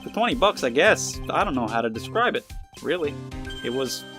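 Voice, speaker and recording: A man's voice: mid-range voice, very animated, fairly quick, music in the background, close to an everyday voice. A man voicing a bumbling, earnest male police detective, stammering and calling people "pal". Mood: sheepish. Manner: stammering, ends lines with "pal". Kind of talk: reading game dialogue aloud.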